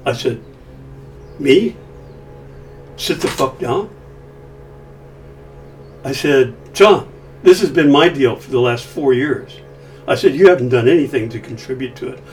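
With a mid-range voice at normal speed, a middle-aged founder tells a casual business story, animatedly acting out what others said. The recording picks him up from somewhat far away, with a little hiss or hum.

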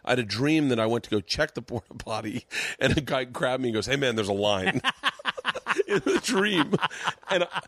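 A man's voice: medium pitch, animated, a little fast, fairly bright tone, no echo. A man hosting a podcast from his home den, talking in a dry, close sound. He tells loose stories full of swearing. He often laughs as he talks. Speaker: podcast host. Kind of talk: casual storytelling chat.

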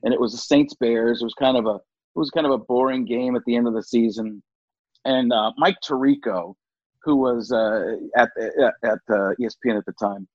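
Brief: husky, lively man in casual interview, dry dull lo-fi sound. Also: mid-range voice, normal speed, no room sound. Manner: animated, jumps into voices. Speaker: comedian guest.

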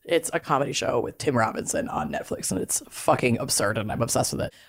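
A woman co-hosting a podcast, telling stories in animated casual chat and swearing casually. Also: extremely low pitch, quick pace, gravelly. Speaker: podcast co-host.

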